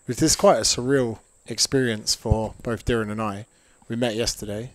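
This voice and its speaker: A man's voice: medium pitch, fairly even intonation, moderate pace, dry recording. A man co-hosting a casual podcast from a front room, introducing the guest and joining in cheerful, teasing banter. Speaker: podcast co-host.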